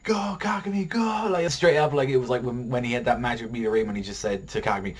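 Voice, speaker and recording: A man reviewing an anime episode in a rambling, excitable way, swearing a lot and filling his talk with "like". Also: mid-range voice, very fast.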